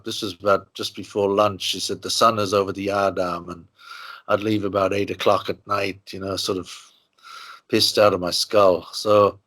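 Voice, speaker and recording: A man's voice: on the low side, a bit bright. Older Irish-born man reminiscing. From Ireland. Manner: rambling, frequent "you know" asides. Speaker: interviewee. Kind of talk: relaxed storytelling interview.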